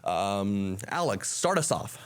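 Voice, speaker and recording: A man's voice: on the low side, very animated, slow pace, clean tone. Talkative male podcast host. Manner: talkative, repeats words, moderates the talk. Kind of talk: casual panel discussion.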